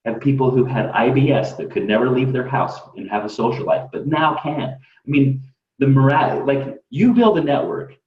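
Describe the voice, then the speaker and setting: A man's voice: medium pitch, normal speed. A man who is a podcast guest, talking earnestly, repeating himself and building to emphatic peaks. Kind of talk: casual chat. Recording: roomy, distant and dull.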